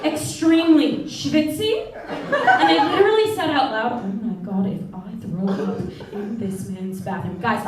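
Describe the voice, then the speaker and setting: A young woman doing a stand-up comedy set, oversharing and self-mocking and laughing between her punchlines. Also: on the high side. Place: theater stage with live audience. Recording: distant, echoey live stage recording.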